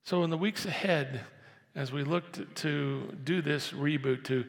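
A man preaching a sermon as pastor, moving between quiet, hushed stretches and loud, emphatic passages. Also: fairly high pitch, measured pace. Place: church sanctuary. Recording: long reverb of a church hall.

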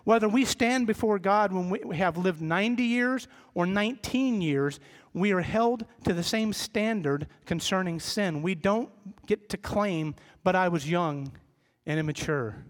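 A middle-aged man delivers a sermon to his congregation in a relaxed, conversational way, often laughing at his own faults. His voice sits high for a man. The sound carries a long reverb from the church hall. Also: a little slow, hardly any pauses. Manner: conversational, self-deprecating, acts out quoted voices. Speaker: pastor.

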